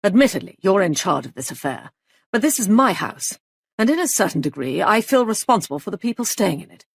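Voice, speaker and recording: A woman's voice: medium pitch, very animated, a little fast, vocal fry, breathy edge, heavily acted. A woman voicing an indignant young husband who speaks bluntly and angrily. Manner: blunt, angry.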